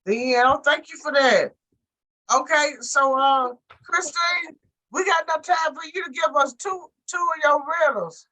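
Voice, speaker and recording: A woman hosting a book club meeting, friendly and filling her pauses with long "uh"s. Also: high voice, sharp tone, poor audio. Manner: friendly, fills pauses with drawn-out "uh". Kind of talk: casual group chat.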